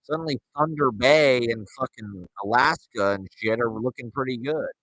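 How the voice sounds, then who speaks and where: A man's voice: mid-range voice, normal speed, a bit bright, dry recording, rough recording. A man in his forties rambling and ranting sarcastically and profanely as he hosts his show solo. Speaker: podcast host. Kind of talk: solo casual rant.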